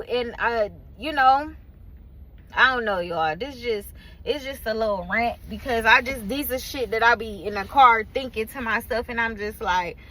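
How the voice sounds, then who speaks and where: A woman's voice: a little high, bright, forceful tone, rough recording. A woman venting in a casual, rambling rant from her car, weary and frustrated, swearing freely and leaning on fillers. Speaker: vlogger and small business owner.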